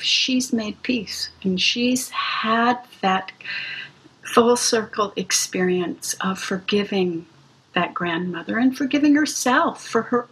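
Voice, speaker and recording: A woman recounting a hospice experience in an interview, gently and reflectively. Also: mid-range voice, husky, rough recording. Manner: gentle, slow, reflective storytelling. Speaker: music practitioner playing for hospice patients. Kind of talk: interview storytelling.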